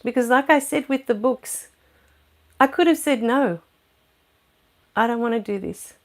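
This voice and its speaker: A middle-aged woman with an Australian accent, hosting a spiritual livestream. She chats and laughs with her viewers, then slows into a soothing guided meditation, speaking into a computer microphone at home. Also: a little high. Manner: slow soothing meditation guidance. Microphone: new USB microphone at a computer.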